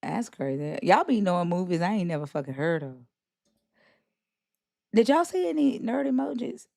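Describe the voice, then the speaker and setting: A woman's voice: fairly low pitch, very animated, normal speed, creaky, a little mellow, no echo, clean studio sound. A woman hosting a casual live stream chat, slangy and profane, laughing often. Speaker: host of a live stream discussion.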